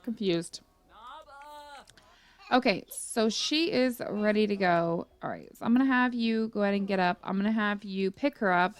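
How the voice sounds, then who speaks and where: A woman's voice: medium pitch, moderate pace. A young woman chatting casually through her gameplay, rambling and full of fillers. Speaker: gaming YouTuber.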